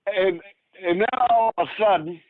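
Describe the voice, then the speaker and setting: Speaking at a normal speed in a high-pitched voice, this sixty-ish guest from Northern Michigan rambles casually through a long story, full of restarts and with the characters' lines performed aloud. The recording has no echo but sounds rough.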